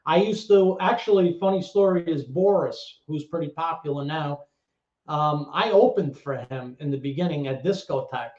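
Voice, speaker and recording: A man with a New York accent, a former club DJ telling stories as an interview guest, animated and swearing freely. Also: a little high. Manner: animated, swearing storyteller with quick restarts. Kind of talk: casual storytelling interview. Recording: echoey room, dull lo-fi audio.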